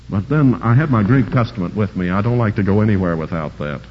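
A man's voice: fairly low pitch, lively intonation, quick pace, few pauses, a little hiss or hum. A man preaching a sermon, emphatically repeating key words and explaining Greek grammar in a scholarly way. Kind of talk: sermon expounding scripture. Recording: dull lo-fi recording with long hall reverb.

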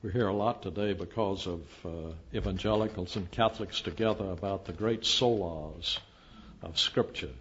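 An older man preaching a sermon, lecturing emphatically and often rising to loud declamation. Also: deep voice, moderate pace, a little hiss or hum. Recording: dull lo-fi recording.

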